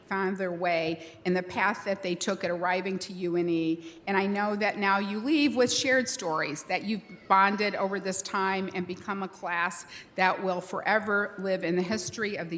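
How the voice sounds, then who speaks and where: Woman, university president, graduation speech, conversational storytelling, podium mic. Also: mid-range voice. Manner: warm storytelling, proud, conversational. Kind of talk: commencement speech. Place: large ceremony hall.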